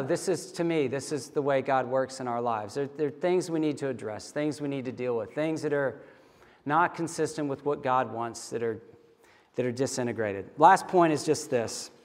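A man's voice: mid-range voice, normal speed, long reverb tail. A middle-aged man preaching a sermon as a pastor, in a conversational, candid storytelling manner.

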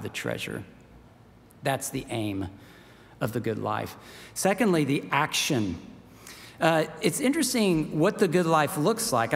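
A man's voice: on the high side, in a large hall. A man preaching a sermon in a casual, conversational way, stopping to act out the voices of the people in his story. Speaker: pastor.

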